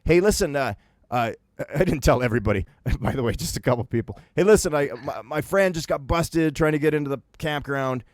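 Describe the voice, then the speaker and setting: A man from Winnipeg telling a rambling story on a podcast, casual and animated, laughing as he acts out what his friends said. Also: fairly high pitch, brisk, no room sound, studio quality. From Winnipeg, Canada.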